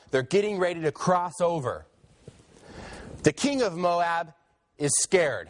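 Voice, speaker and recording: A man teaching a Bible lesson in a casual, conversational way, with joking asides and quick restarts. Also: on the high side. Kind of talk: casual classroom lecture.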